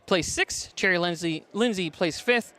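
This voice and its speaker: A man broadcasting a high school wrestling preview, energetic and quick, rattling off stats and names while a little out of breath. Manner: energetic, fast-talking, reading stats and names. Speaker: play-by-play broadcaster. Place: top of gym bleachers.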